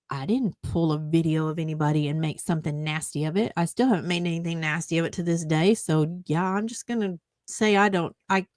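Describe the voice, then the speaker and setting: A woman's voice: fairly low pitch, no echo, studio quality. A woman YouTuber ranting back at online commenters, sarcastic and indignant, mocking them at length.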